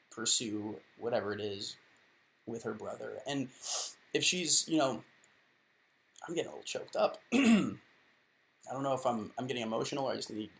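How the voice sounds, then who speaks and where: A man's voice: medium pitch, vocal fry. A man in his thirties giving casual advice to the camera, rambling and self-deprecating, full of fillers and restarts. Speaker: advice column host.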